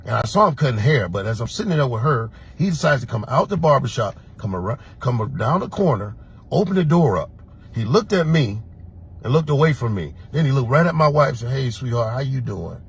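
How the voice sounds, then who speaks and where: A man from Florida tells a story from his own life with strong feeling, and his voice is deeply husky and rough. He works as a security officer, and he acts out the lines he quotes. His pitch sits in the middle range for a man. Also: very animated, brisk.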